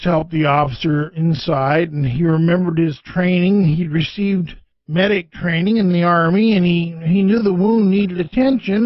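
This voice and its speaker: A man with a high voice narrates a storybook tale in a plainspoken, folksy manner. The recording is dry and dull, with a lo-fi sound. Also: no echo.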